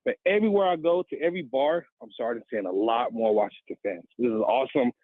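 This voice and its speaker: A man's voice: medium pitch, fast talker, no echo. A young man in his twenties calling a sports radio show, talking with upbeat enthusiasm over a phone line. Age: 20s. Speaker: caller.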